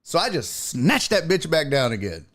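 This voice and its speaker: This sports talk podcast host has a slightly high voice and a moderate pace. Animated and foul-mouthed, he spins a casual, funny story and mimics the other people in it.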